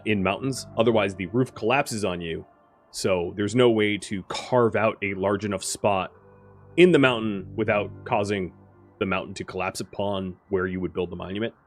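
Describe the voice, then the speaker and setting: A man with a somewhat low voice talks through his strategy game as he plays. He explains the rules in an easy, rambling way, full of fillers, while faint music plays underneath. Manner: thinking aloud, explanatory, with frequent fillers. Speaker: gaming video host. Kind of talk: casual game commentary.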